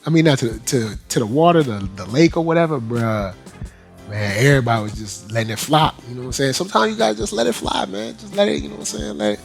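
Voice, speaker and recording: A man hosting an anime review show in casual, slangy commentary, animated and laughing often. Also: mid-range voice, fast talker, gravelly, soft background music.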